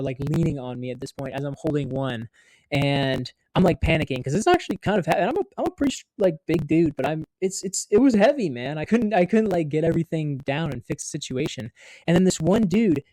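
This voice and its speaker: A man's voice: on the high side, mellow, no echo. An American man in his twenties telling a story to camera in a rambling, casual way, full of "like" and swearing. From United States. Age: 20s. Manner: rambling, heavy use of filler "like", swears freely. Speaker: vlogger.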